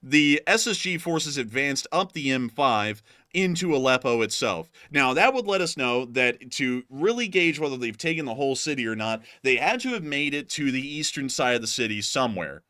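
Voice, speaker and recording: Bright-voiced man hosting war news. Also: mid-range voice, moderate pace, no room sound, studio quality. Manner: joking, animated, drops into mock voices. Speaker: host. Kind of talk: casual war news commentary.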